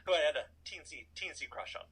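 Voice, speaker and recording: Lively husky man telling a story. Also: on the high side, fast, low-quality recording. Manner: animated, chatty, filler-heavy "like". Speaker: storytelling guest. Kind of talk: casual spoken storytelling.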